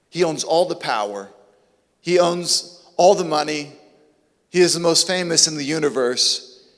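A man's voice: a little high, a bit bright, long reverb tail. A man preaching a sermon with emphatic, rhetorical questions. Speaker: pastor.

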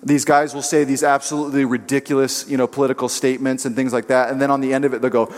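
A man's voice: medium pitch, little pitch movement, fast talker. Emphatic man preaching in a reverberant hall. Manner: emphatic, acts out quotes in shifting voices. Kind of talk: sermon.

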